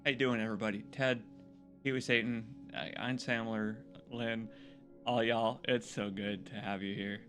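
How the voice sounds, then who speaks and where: A man chatting with his stream audience in a bright, forceful voice, with soft music underneath. He is excitable and swears freely, and his voice leaps up high when something on screen thrills him. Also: normal speed. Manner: excitable, swears freely, laughs loudly, jumps to high yelps. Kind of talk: casual game stream chat.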